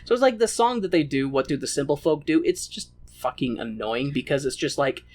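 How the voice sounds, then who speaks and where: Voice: mid-range voice, expressive, fairly quick, darkish tone. A podcast co-host recapping a film in a casual, crude and joking way, telling the story animatedly.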